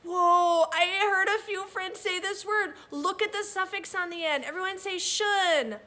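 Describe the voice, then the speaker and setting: A young woman teaching children, reading aloud and going over vocabulary words in an animated, encouraging, sing-song voice. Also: very high-pitched, moderate pace.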